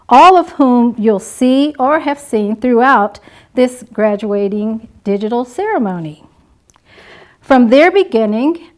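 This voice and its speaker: A woman delivers a graduation address at a very slow, deliberate pace, leaning on each phrase. Her voice sits a little high, and she drills repeated refrains with emphatic weight. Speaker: nursing instructor.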